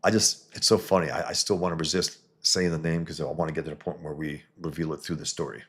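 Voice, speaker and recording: A man's voice: extremely low pitch, steady tone, quick pace, fairly bright tone, slightly rough. A man casually reviewing a comic on a live stream, rambling with many fillers and restarts.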